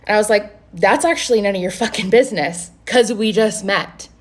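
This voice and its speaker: A young woman vlogging a dating story to camera, animated and profane, acting out both sides of the conversation. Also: medium pitch, a little fast.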